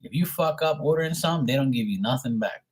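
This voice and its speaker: A man's voice: medium pitch, expressive, fast talker, breathy edge. A man, a show host telling a story in a blunt, profane and amused way. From Bermuda. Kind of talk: casual storytelling.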